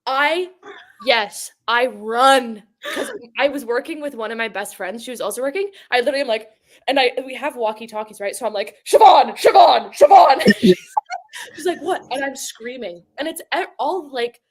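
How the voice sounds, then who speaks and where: A woman's voice: on the high side, moderate pace, a bit bright. A young adult woman co-hosting a livestream, telling a story in casual chat, acting out quotes and laughing often. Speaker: livestream co-host.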